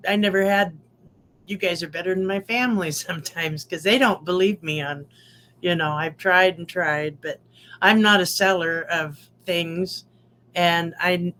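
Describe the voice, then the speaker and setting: A woman's voice: fairly low pitch, fairly bright tone, a little hiss or hum. An older woman with grandchildren giving a rambling, heartfelt testimonial to her online community. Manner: heartfelt, rambling, trailing restarts.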